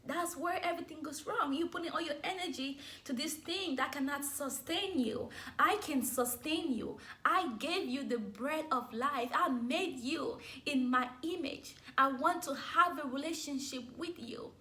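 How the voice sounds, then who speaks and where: A young woman voicing God as a calm, loving male deity who firmly corrects her, spoken gently and earnestly. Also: high-pitched, unhurried, few pauses.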